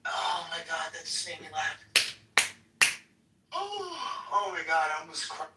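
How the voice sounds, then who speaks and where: Excitable, rambling man on a livestream. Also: fairly high pitch, measured pace, very noisy. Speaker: stream host. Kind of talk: casual livestream chat. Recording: roomy, distant, music behind.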